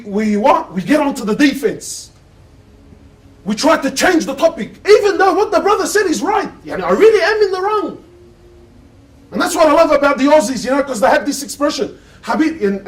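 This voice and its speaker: A man's voice: very high voice, sing-song, moderate pace, distant mic, low-quality recording. A man giving an impassioned sermon, firing rhetorical questions at his listeners. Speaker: preacher giving a Friday sermon.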